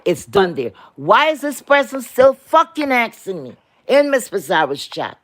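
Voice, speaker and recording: A woman on a live stream, ranting indignantly, swearing often and restarting her sentences. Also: medium pitch. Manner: indignant, profane, repeats and restarts. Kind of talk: heated live-stream rant.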